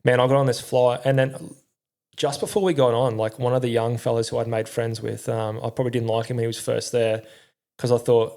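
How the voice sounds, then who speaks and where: A man's voice: medium pitch, level tone, fairly quick, vocal fry, darkish tone. A middle-aged Australian man telling his story in a candid, rambling way, swearing often and using slang. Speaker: podcast guest, former army crew commander.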